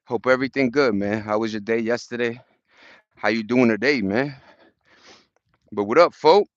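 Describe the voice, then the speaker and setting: A man's voice: mid-range voice, fairly even intonation, normal speed, no room sound, muffled recording. A man from Brooklyn with a New York accent, live-streaming as he walks uphill in a park, upbeat and profane with lots of street slang as he greets his viewers. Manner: talking while walking uphill outdoors. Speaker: livestreaming vlogger. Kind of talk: casual live-stream chat. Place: outdoors in a park on a hill. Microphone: phone held at arm's length.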